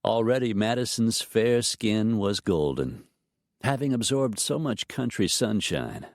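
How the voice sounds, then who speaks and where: Low-voiced male audiobook narrator, unhurried with animated pitch. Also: no room sound, clean studio sound. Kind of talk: scripted narration.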